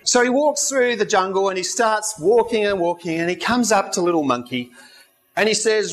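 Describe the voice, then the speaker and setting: High-voiced pastor telling stories. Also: male voice, expressive, moderate pace. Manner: conversational storytelling with asides and humor. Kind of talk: sermon.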